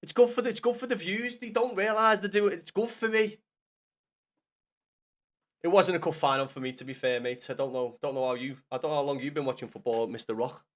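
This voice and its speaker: A man's voice: medium pitch, a little fast. A young man from Liverpool with a Scouse accent, chatting casually and swearing as he banters with his live-stream viewers. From Liverpool, England. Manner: sweary, banters with chat by name, gets loud and excited. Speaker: football streamer.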